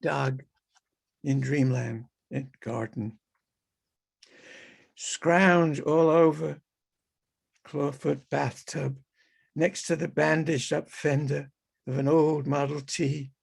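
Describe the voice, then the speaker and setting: A man reading his own fiction aloud over a video call as a halting, musing first-person character monologue. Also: on the high side, steady tone, creaky, husky. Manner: halting, musing, talks to animals and people in the scene.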